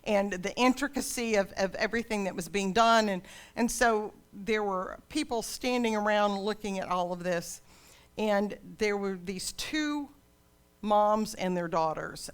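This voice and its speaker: A woman's voice: medium pitch, unhurried, smooth. An older woman pastor delivering a sermon in a dramatic storytelling manner.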